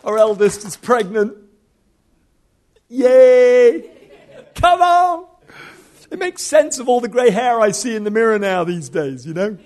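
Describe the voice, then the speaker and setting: A man's voice: sits high, brisk, few pauses. A man in his fifties, a preacher telling stories in a sermon with humor and animation. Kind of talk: storytelling sermon.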